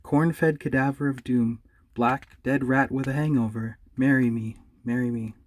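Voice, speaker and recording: A man's voice: mid-range voice, fairly even intonation, a little mellow, close to an everyday voice. A man voicing a happy, pushy male bear poet in a bikini, speaking chirpily and wheedling. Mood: poem-reciting. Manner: chirpy and wheedling, poems read slowly.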